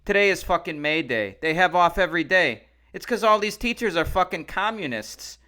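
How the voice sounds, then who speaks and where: Guy putting on a cranky autograph collector dude, swearing, voice way higher than usual. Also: animated, moderate pace, sharp tone. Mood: ranting. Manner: indignant swearing rant. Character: grumpy ranting male autograph collector.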